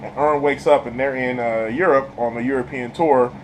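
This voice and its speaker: A mid-range man's voice at a moderate pace comes through a rough recording with slight hiss or hum. Retelling a TV episode with spoilers, he's animated and laid-back, laughing frequently, using colloquial slang, and sometimes voicing the characters.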